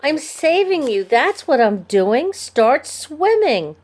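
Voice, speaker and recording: A woman's voice: sits high, sing-song, slow, a little mellow, voice pushed up, heavily acted. Woman playing a plucky, determined girl.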